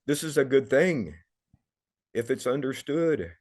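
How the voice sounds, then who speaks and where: A man's voice: mid-range voice, sing-song, a little slow, a little mellow, a little hiss or hum. A middle-aged man, a podcast guest, telling a personal story in an earnest, emotional way, often repeating words.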